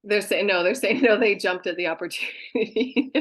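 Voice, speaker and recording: A woman talking casually as a spiritual channeler, gushing about her guides and breaking into laughter again and again. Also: medium pitch. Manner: giggly, keeps breaking into laughter; affectionate, gushing. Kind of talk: casual chat, relaying messages from spirit guides.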